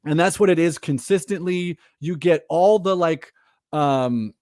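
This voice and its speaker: A man co-hosting a casual podcast chat, animated and full of fillers, laughing often. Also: on the high side, measured pace, dry recording, studio quality. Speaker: podcast co-host.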